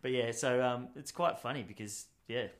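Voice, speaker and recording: A man's voice: mid-range voice, normal speed. An Australian man in his forties telling rambling anecdotes in a casual podcast chat. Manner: rambling anecdotes with put-on voices.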